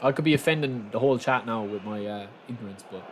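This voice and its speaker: A young man casually commentating his own football game on a live stream, chatting with viewers and bursting into shouts at big moments. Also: medium pitch, fast talker, a little hiss or hum.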